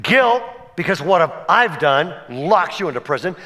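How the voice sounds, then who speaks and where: Pastor, man, animated storyteller, high bright voice. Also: normal speed. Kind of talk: sermon. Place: church sanctuary.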